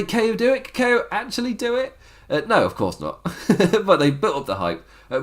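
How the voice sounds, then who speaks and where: A man's voice: mid-range voice, fairly bright tone. Chatty man recapping wrestling. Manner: chatty, rambling, laughs often. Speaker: podcast host.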